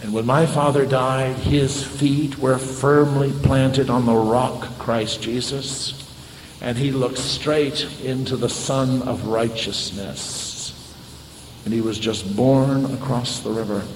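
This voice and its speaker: A man delivers a sermon with dramatic storytelling. His voice swings from loud to hushed. It rings through an echoey hall with a long reverb and faint ambience behind him. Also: mid-range voice, fairly even intonation, takes it slowly, a little hiss or hum. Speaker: preacher.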